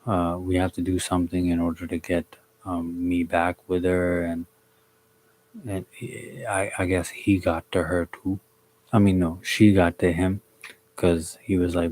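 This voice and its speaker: Low, flat-voiced young man storyteller. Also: a little slow. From DC, Maryland, Virginia area. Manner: relaxed, slangy, talks to viewers by name. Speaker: live streamer. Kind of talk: casual storytelling on a livestream.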